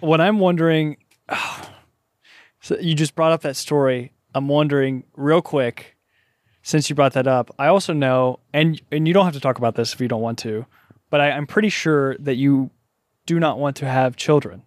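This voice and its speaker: A man's voice: fairly high pitch, moderate pace, no echo, clean studio sound. A man hosting a casual podcast conversation, supportive and hesitant, often restarting his questions. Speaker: podcast host. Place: outdoors in a backyard.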